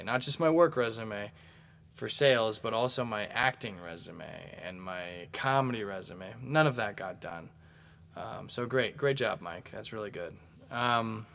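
A man's voice: on the low side, pushed and bright. A young man, hosting a casual solo podcast from his apartment, rambling and poking fun at himself. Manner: rambling, self-mocking, chatty. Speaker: podcast host. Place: apartment room.

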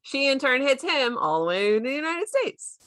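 A woman's voice: high-pitched, sing-song, moderate pace, fairly bright tone, no room sound, studio quality. A woman in her thirties, co-hosting a casual recap chat, chatty and laughing often as she quotes characters in silly voices. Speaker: podcast co-host recapping a show.

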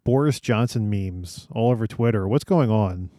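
A man's voice: lowish voice, normal speed, mellow, no echo, clean studio sound. A man in a casual podcast chat, laid-back and terse.

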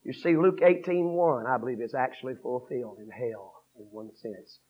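A man preaching a revival sermon, swinging from hushed storytelling to shouted fervor. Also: medium pitch, normal speed, husky, phone-quality sound.

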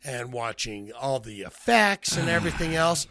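A man's voice: medium pitch, sing-song, normal speed, pushed and bright, no room sound, studio quality. A man co-hosting a podcast in casual chat, blunt and opinionated, swearing casually. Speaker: podcast co-host.

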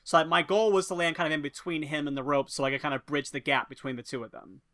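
A man's voice: fairly high pitch, fairly even intonation, fast talker, a bit bright. A man playing a tabletop game, playful and asking about rules, recorded remotely from home. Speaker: player.

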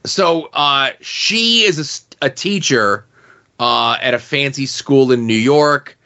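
A man's voice: medium pitch, expressive, takes it slowly, bright, forceful tone. A man hosting a casual movie review chat, sarcastic and rambling, full of "like" and "okay?" asides. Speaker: podcast host.

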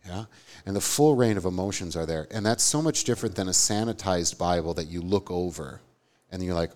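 A man's voice: low-pitched, brisk, a little mellow. A man co-hosting a live podcast, talking earnestly and with emphasis, often asking "right?". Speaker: podcast co-host, theology teacher. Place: live event before an audience.

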